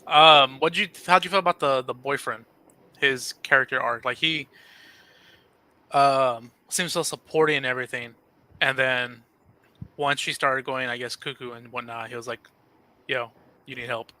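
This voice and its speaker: A man co-hosting a casual movie review podcast, asking relaxed, hesitant questions with fillers. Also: medium pitch, normal speed, long pauses. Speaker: podcast co-host.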